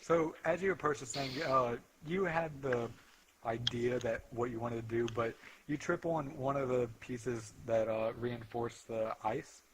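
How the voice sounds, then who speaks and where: A man running a tabletop game as dungeon master, narrating in loose, halting sentences with many fillers. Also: medium pitch, noisy background.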